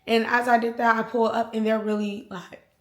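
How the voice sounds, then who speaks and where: Young woman, fairly high voice, animated slangy storyteller recorded in a roomy, echoey space. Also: moderate pace. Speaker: vlogger. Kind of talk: storytime vlog. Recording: roomy echo.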